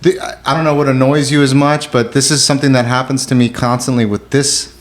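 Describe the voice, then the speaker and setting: A man's voice: medium pitch, level tone, quick pace. Exasperated host man in an echoey room. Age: 40s. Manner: exasperated, swearing complaints. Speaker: podcast host. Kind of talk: casual podcast chat. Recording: roomy echo.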